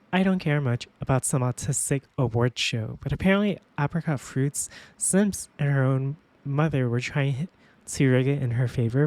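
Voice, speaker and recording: A woman streamer with a low voice tells stories to her viewers in a casual, animated way. She swears a lot and laughs often, and the sound is dry and close. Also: no room sound.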